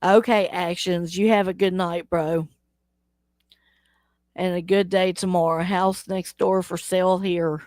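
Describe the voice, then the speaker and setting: A woman's voice: fairly low pitch, fairly even intonation, unhurried, darkish tone, dry recording, clean studio sound. A woman hosting a casual live stream, chatting with viewers, teasing them and laughing often as she reads the chat aloud. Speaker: livestream host.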